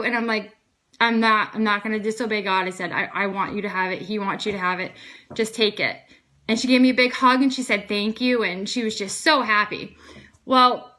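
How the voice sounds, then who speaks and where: A woman in her thirties casually telling a personal faith testimony, earnest and animated, acting out the dialogue with lots of fillers. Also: mid-range voice. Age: 30s. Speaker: vlogger sharing a faith testimony. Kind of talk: casual storytelling.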